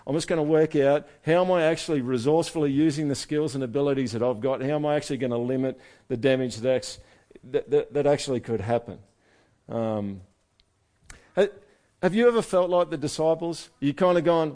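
A man preaching a conversational sermon with lively asides. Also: a little high, a little fast. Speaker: pastor.

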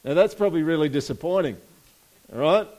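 A man's voice: fairly high pitch, lively intonation, a little fast, darkish tone. A man preaching a sermon in a casual, conversational way, asking the congregation for responses and reading scripture aloud. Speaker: pastor.

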